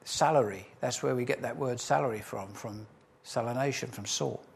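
A pastor preaches emphatically, repeating key phrases and slowing down for stress before leading a prayer. His mid-range voice is creaky and husky.

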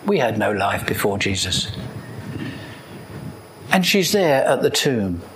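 A man preaching a sermon, animated and throwing rhetorical questions at his listeners. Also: lowish voice, takes it slowly, a little hiss or hum, low-quality recording.

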